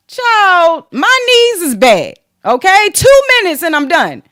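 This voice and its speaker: Sassy high-voiced woman podcast host. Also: slow, few pauses, no echo, clean studio sound. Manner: sassy, profane, animated gossip. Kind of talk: casual commentary podcast.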